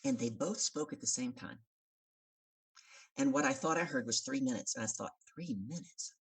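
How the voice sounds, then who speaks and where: A woman with a very low, husky voice and a gravelly edge tells stories as a podcast guest. She brings the people in her stories to life by acting out their voices. She sounds a little far from the mic. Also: quick pace. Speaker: podcast guest, coach and speaker. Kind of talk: storytelling in an interview.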